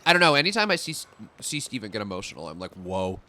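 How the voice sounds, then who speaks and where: A man's voice: medium pitch, wildly swooping pitch, rapid-fire, pushed and bright. A young man chatting casually while he streams a game, rambling with many fillers and swearing now and then at what happens on screen. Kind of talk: casual chat while gaming.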